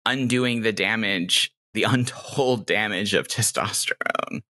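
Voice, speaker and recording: A woman's voice: very deep voice, measured pace, pushed and bright. A woman guest speaking in a podcast interview, candid and reflective, with a nasal, self-made Californian-Midwestern accent. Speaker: guest, game designer.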